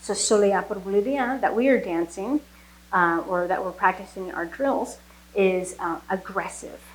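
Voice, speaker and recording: A woman's voice: medium pitch, rough recording. A woman teaching a flamenco footwork lesson, explaining technique with fillers and then counting the beats aloud. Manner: relaxed explaining, slow with fillers. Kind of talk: dance lesson instruction.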